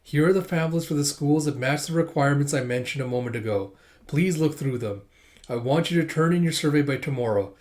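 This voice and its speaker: A man voicing a strict, formal woman high school teacher in a plain reading voice, stiff and lecturing. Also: fairly quick, darkish tone, close to an everyday voice. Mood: stern.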